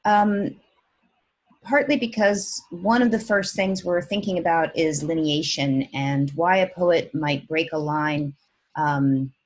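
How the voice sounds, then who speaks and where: Woman professor, low voice, lecturing through a poem, lots of "um" and "right?". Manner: explanatory, with frequent "um" and checking "right?".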